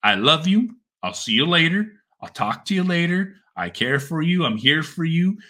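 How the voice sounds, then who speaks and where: Middle-aged man, blunt, heartfelt, heavy swearing, bright forceful voice, slightly high. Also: big pitch swings, normal speed. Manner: repeats phrases for emphasis. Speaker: father sharing his story. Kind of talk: candid personal monologue.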